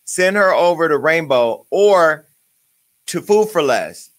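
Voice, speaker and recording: A man's voice: on the high side, lively intonation, slow. A man hosting his own show, ranting in a profane, joking and angry way. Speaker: show host. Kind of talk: uncensored comedic rant.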